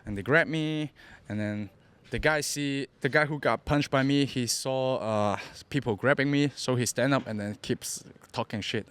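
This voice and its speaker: Young man, Cantonese-accented English, podcast guest; halting and repetitive, acts out the people in his stories. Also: medium pitch, clean tone. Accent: Hong Kong Cantonese. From Hong Kong. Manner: broken English, repeats words, acts out quotes loudly. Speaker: interview guest. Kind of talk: casual storytelling.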